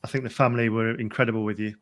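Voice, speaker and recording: A man's voice: lowish voice, level tone. A man hosting a podcast, chatting casually and signing off the show. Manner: chatty, warm sign-off, quick laughs. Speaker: podcast host. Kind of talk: casual chat.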